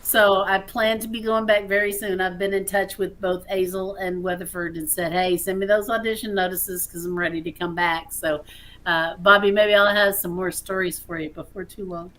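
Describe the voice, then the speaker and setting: A young woman, a community theatre actor, chatting casually and telling lively stories with laughs. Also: medium pitch, normal speed. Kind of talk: casual chat.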